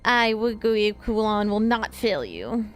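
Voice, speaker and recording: A woman's voice: medium pitch, sing-song, unhurried, faint music behind. A woman reading the part of a devoted male assassin disciple in a game, solemn and dutiful.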